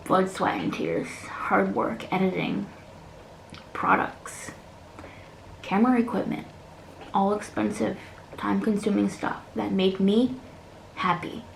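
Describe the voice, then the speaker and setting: A woman, talking earnestly and haltingly in a personal vlog, close to tears and sometimes dropping to a soft whisper. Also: medium pitch, steady tone, creaky. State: near tears. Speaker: beauty vlogger. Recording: echoey room with faint noise.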